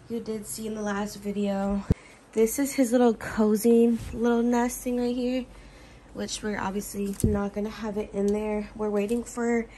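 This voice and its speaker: A woman's voice: mid-range voice, darkish tone, slight background noise, rough recording. Chatty pregnant woman showing a nursery. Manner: chatty, self-correcting, gushing. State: heavily pregnant, a bit out of breath. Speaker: vlogger. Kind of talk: casual room tour. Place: baby's room at home.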